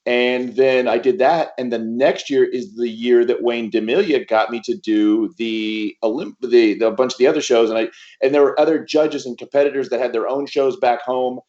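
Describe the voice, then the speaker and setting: Comedian guy in his 50s, lively storytelling, mid pitch voice, kinda muffled call sound. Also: normal speed. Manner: animated storyteller. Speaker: guest, comedian and event MC. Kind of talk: casual chat, anecdote. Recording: slightly muffled online call audio.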